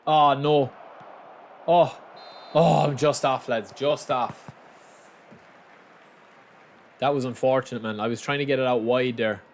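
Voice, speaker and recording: A young man chatting casually and commentating live on his own football game, bursting into excited shouts at big moments. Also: medium pitch, a little slow, pauses often, slight background noise. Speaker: game streamer.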